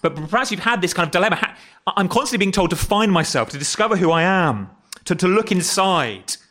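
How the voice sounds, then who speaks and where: Chatty preacher with a raised pitch. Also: male voice, animated, fast, sharp tone. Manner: conversational, asks the congregation rhetorical questions; stumbles and repeats words, corrects himself. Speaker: pastor. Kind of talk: sermon. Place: church.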